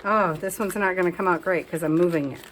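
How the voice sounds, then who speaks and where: A woman's voice: fairly low pitch, fairly even intonation, fast, fairly bright tone, a little hiss or hum, low-quality recording. A woman talking casually through a crafting session as a vlogger, chatting and scolding herself as she works.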